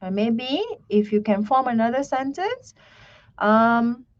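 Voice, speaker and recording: A woman teaching English grammar in an online lesson, slowly repeating herself and checking in with "right?" and "okay". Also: a little high, expressive, lo-fi sound.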